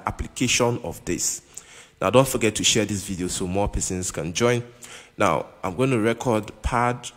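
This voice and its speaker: A man teaching keyboard in a casual, halting way, often stopping to check that the listener understands. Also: on the low side. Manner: keeps checking in with "you understand?"; halting, with restarts and repeated words. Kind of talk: casual instructional talk. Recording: long reverb with keyboard music behind.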